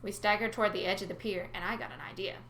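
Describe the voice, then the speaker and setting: Woman narrating a story, bright voice, chatty asides, roomy recording. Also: mid-range voice, fast, slight background noise. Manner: lively, chatty asides to listeners. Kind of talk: first-person story reading with casual asides.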